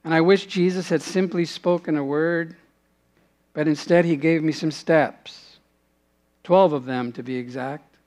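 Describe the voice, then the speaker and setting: A man preaching a sermon, earnest, dropping to a hushed voice in prayerful moments. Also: on the high side, fairly even intonation, a little slow. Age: adult, father has passed away. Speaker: pastor.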